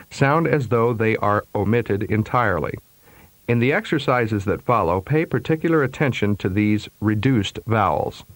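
A man reading scripted pronunciation instructions in a measured, precise way, like a language course tape. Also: fairly low pitch, no echo. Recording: dry studio recording.

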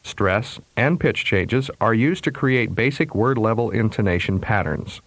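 A man with a lowish voice reads a pronunciation lesson in a measured, precise way. The recording is dry and close, with no room sound. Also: lively intonation, dry recording. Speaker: pronunciation instructor. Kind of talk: scripted instructional narration.

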